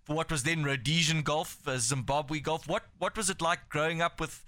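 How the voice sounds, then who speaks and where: A man hosting a golf podcast who asks his guest eager, quick follow-up questions in a casual interview. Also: a little high, bright, forceful tone, dry recording. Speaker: podcast host.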